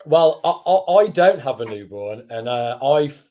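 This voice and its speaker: A man's voice: mid-range voice, expressive, moderate pace, warm tone. Wry, laughing man in casual chat. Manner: wry, laughing, stop-start. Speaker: co-host film reviewer.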